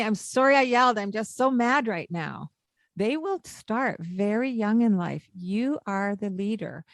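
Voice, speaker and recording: A woman's voice: medium pitch, no room sound. A woman co-hosting a parenting podcast, coaching in a casual chat and acting out what to say to a child. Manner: warm, coaching tone with acted-out lines to a child.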